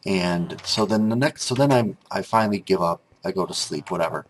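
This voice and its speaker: A man's voice: sits low, a little fast, slight background noise. A grown man telling a rambling story over gameplay commentary, with frequent restarts and filler words. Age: adult.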